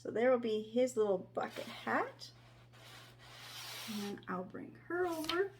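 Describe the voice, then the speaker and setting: A woman quietly narrating her sewing project at home, thinking aloud and often dropping to a whisper. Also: on the high side, sing-song, measured pace, background noise. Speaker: crafter sewing on camera. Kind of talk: casual crafting narration. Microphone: desk microphone near her.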